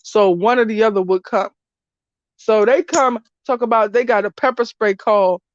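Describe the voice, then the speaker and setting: A woman's voice: on the high side, moderate pace, dry recording. A woman giving casual spoken commentary as a spiritual reader, blunt, emphatic and freely swearing. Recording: dull lo-fi dry recording.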